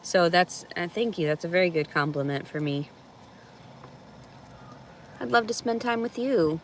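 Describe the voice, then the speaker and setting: Outdoors in a park, a reality show subject chats candidly while reacting to viewer messages, laughing often and swearing freely. Her voice is fairly low and a little slow, with a slight hiss or hum in the background.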